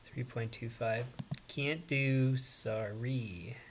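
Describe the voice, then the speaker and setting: Male streamer, mid-pitched, slow and halting, thinking aloud; faint background noise. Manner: thinking aloud, unhurried, with many pauses and fillers. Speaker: host. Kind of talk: casual live-stream commentary.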